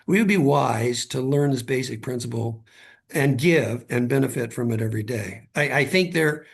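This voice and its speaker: A man's voice: mid-range voice, moderate pace, gravelly, husky. A middle-aged man, a guest author, earnestly telling a personal story in conversation and often repeating words as he starts a thought.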